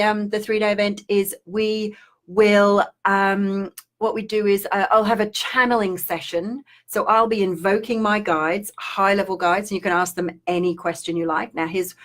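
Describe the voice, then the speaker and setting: A middle-aged woman from Australia with an Australian accent, chatting casually on a live stream as a spiritual coach, rambling with restarts and fillers. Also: medium pitch.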